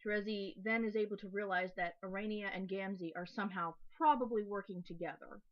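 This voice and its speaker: A woman's voice: medium pitch, fairly even intonation, brisk, highs cut off. Chatty young woman recapping a comic. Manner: chatty and enthusiastic, with fillers and restarts. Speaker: fan recapping comic updates. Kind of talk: casual spoken recap.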